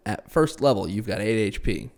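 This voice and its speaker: A man's voice: lowish voice, lively intonation, moderate pace, darkish tone. A man hosting a casual podcast chat about tabletop role-playing games, easygoing, laughing and swearing along with his guest. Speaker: podcast host.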